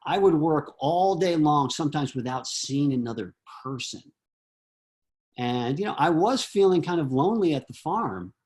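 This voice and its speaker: A man's voice: on the high side, lively intonation, normal speed, a little mellow. A man on a video call, earnestly telling a personal memory with many fillers and restarts. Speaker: disciple giving homage.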